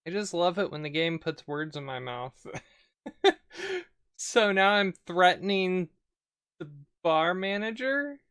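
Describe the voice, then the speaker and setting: A woman's voice: on the low side, animated, unhurried, a bit bright, smooth, no echo, studio quality. A woman streaming a text adventure game, dictating her typed commands word by word and laughing in disbelief at the results.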